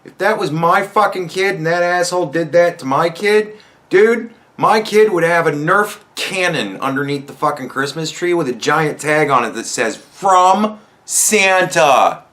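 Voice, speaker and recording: Speaking at normal speed in a somewhat high, slightly bright voice, this male podcast host fires off a furious political rant. He mocks his targets and swears throughout.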